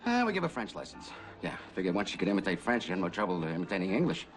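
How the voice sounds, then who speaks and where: A brash, chummy agent who rambles on and calls everyone baby. He talks fast with a lively, swooping voice over faint music from the film soundtrack. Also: sits low. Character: fast-talking brash male talent agent, middle-aged. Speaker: Hollywood agent character. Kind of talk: film dialogue.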